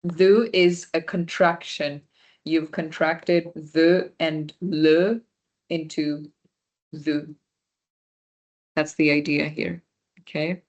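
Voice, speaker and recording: A woman's voice: deep voice, little pitch movement, very slow, long pauses, muffled recording. A woman running a casual online beginner class, chatting with students, answering their chat messages and correcting herself as she goes. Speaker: volunteer French workshop teacher.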